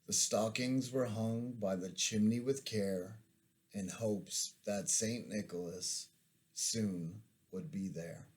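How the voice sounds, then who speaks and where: A man in his forties reads from his own memoir, taking his time over each line. His voice sits low, and the pace is slow and measured like a storyteller's. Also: darkish tone. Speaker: veteran author reading his memoir. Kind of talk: memoir reading.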